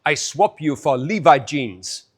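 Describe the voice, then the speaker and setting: A man's voice: a little high, lively intonation, measured pace, slightly rough. A man voicing a hammy male bike salesman in a put-on Russian accent and broken English. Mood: mock salesy.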